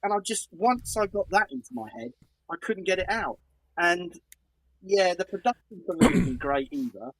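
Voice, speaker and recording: A man's voice: sits high, normal speed, no room sound, rough recording. A man with a Cockney accent co-hosting a podcast. He gives blunt album opinions in casual chat, with dry humor. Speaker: podcast co-host.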